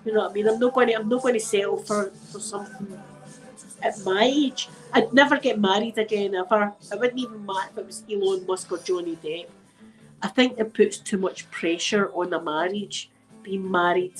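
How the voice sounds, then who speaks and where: A woman's voice: medium pitch, steady tone, moderate pace, soft background music, poor audio. Chatty Scottish woman with a cold. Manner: chatty and emphatic, repeats phrases, uses local words like wee and dead. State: has a cold. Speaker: channel host talking to viewers. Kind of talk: casual chat with live viewers.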